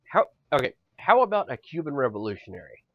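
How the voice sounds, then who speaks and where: A man's voice: medium pitch, very animated, fast, no echo. Man mock-boasting on a lo-fi podcast. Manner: loose and profane, swings between mock boasting and joking gloom. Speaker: podcast co-host. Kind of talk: casual comedic chat. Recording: dull, lo-fi, dry podcast audio.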